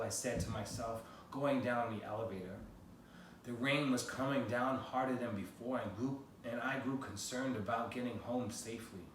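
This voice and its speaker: A man's voice: medium pitch, steady tone, moderate pace. A man from the United States reading excerpts from his own memoir aloud in a plain first-person way. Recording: very echoey room, voice from a distance, faint noise.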